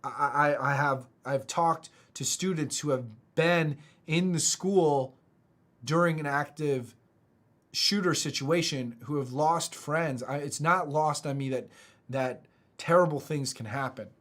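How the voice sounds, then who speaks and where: A man from the United States, a motivational speaker, talking casually online in an earnest, halting way with many restarts. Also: on the high side, a bit bright.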